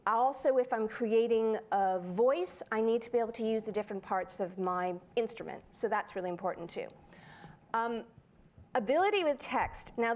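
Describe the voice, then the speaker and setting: Brief: lively female voice actor, higher voice, playful conference talk. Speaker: voice actor and panelist. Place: conference hall.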